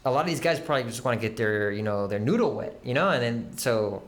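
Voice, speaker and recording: A young man co-hosting a casual podcast, rambling through animated, profane stories about dating. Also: medium pitch, fast talker. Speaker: podcast co-host. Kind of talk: casual chat.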